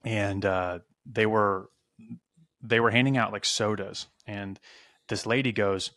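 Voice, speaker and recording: A young adult man casually telling funny stories on a podcast, animated and profane, with frequent restarts. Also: fairly low pitch, takes it slowly. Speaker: podcast co-host. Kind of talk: casual storytelling chat.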